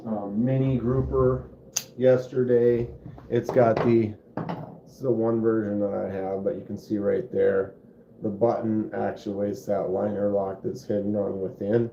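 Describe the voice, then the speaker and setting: A man with a mellow, mid-range voice hosts a casual knife-channel live stream, with slight background noise. He rambles at an easy, laid-back pace, using lots of fillers. The phone-microphone audio sounds muffled and roomy.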